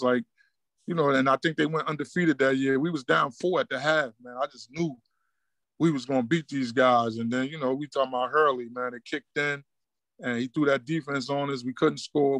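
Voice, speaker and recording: A middle-aged man from Newark, a basketball coach telling stories in a relaxed street style and acting out what people said. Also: medium pitch, normal speed, no room sound. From Newark, New Jersey. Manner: laid-back street talk, acts out quoted dialogue. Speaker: high school basketball coach, guest. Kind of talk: casual storytelling interview.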